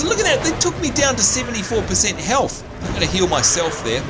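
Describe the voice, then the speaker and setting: A man's voice: sits high, lively intonation, brisk, hardly any pauses, music in the background. A man hosting a let's play, chatting through gameplay and panicking and yelping when he is scared. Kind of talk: gaming commentary.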